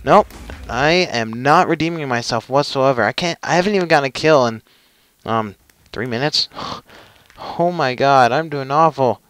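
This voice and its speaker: A man's voice: mid-range voice, normal speed, fairly bright tone, clean tone. A young man commentating his own gameplay, with frustrated, self-mocking outbursts. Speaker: gaming channel host.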